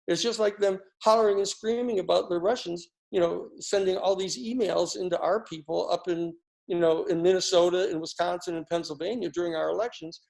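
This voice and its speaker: An older American man gives casual political commentary that rambles and drips with sarcasm, full of fillers and restarts. His voice is high-pitched, gravelly, and a little mellow, at a moderate pace.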